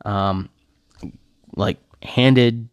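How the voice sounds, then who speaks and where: A man hosting his own podcast, telling a rambling story in a casual, animated way with lots of filler words. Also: fairly low pitch, very slow, dry recording, muffled recording. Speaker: podcast host. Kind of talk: casual solo podcast chat.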